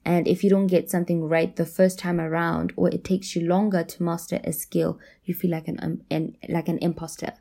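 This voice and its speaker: A woman's voice: on the low side, level tone, a little fast, creaky, few pauses, dark tone. A woman hosting a solo self-help podcast, talking casually and encouragingly, repeating phrases for emphasis and laughing often. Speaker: podcast host.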